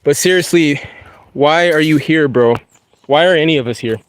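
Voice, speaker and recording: A man's voice: a little high, moderate pace, clean tone, no echo. A young man, a YouTuber, talking casually about faith while walking a wooded trail outdoors, laid-back and full of slang. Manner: laid-back, slangy, says dude and bro a lot.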